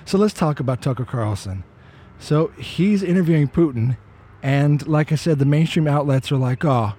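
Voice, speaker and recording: A man's voice: medium pitch, warm tone, husky. A man giving an emphatic, opinionated commentary monologue, with sarcastic asides. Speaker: vlogger.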